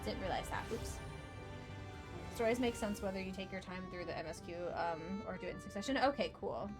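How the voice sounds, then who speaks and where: A woman's voice: mid-range voice, a little fast. Chatty woman streamer over game music. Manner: chatty, excitable, repeats herself, bursts into squeals. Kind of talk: casual gameplay livestream chat.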